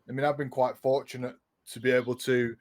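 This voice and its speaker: A man's voice: mid-range voice, flat delivery, a little fast. A man, a guest on a talk show, chatting in an easygoing way and laughing along. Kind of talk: casual chat.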